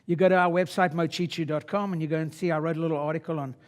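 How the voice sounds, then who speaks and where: A man in his sixties, a chiropractor giving a live seminar talk, blunt and swaggering with salty language and sudden loud shouted bursts. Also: on the high side, steady tone, very fast.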